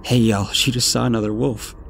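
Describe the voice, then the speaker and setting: A man's voice: medium pitch, level tone, brisk, gravelly, fairly bright tone, soft background music, pitched above the performer's own voice. A man voicing a cruel teenage girl who taunts and mocks, in a storybook reading. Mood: mocking.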